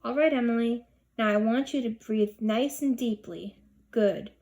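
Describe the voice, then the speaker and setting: A woman voicing a soothing hypnotist who drawls in a low, husky voice. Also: measured pace, a little mellow.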